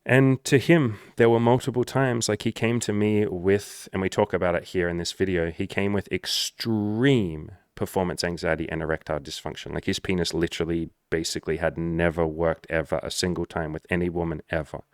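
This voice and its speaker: A young adult man giving dating and social coaching in a casual monologue, blunt and animated, swearing often. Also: deep voice, a little fast, few pauses, dry recording, studio quality.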